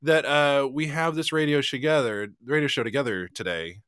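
A man's voice: medium pitch, brisk, fairly bright tone, clear, resonant tone, no echo, studio quality. A man co-hosting a podcast in casual chat, rambling through stories, laughing often and acting out bits of dialogue. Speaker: podcast co-host.

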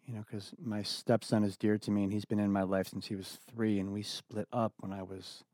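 Man, middle-aged, deep-ish voice, reflective, halting restarts, dry recording. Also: little pitch movement, a little mellow, no room sound. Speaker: interview guest. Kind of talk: candid personal conversation.

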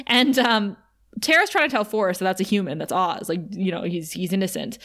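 A woman co-hosting a casual podcast recaps an episode, jumping into quick snippets of dialogue and laughing often. Her voice sits at an ordinary middle pitch. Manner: animated retelling with quick quoted dialogue and frequent laughs. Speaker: podcast co-host.

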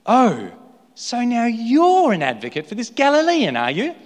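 A man putting on a sneering high-pitched religious elite. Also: wildly swooping pitch, a little slow, long reverb tail, full character voice. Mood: scornful. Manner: mocking, contemptuous. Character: sneering haughty male religious leader.

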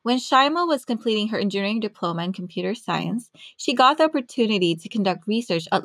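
A woman's voice: medium pitch, lively intonation, quick pace, few pauses, a bit bright, no room sound, clean studio sound. A woman hosting a podcast who interviews scientists in a bubbly, enthusiastic, chatty way. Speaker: podcast host.

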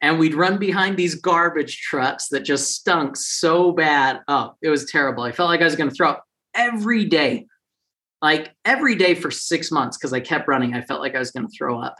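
A man's voice: fairly high pitch, expressive, normal speed, sharp tone. A man in his forties telling a personal story in a casual way, acting out the people he quotes in raised, funny voices.

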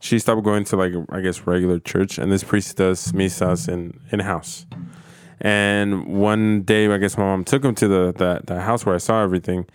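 A low-pitched man swaps stories in loose, profane talk, full of fillers and restarts. The sound is dry and close, with no room around it. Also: steady tone, normal speed, clean tone, no room sound. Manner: profane, rambling storyteller. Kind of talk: casual chat.

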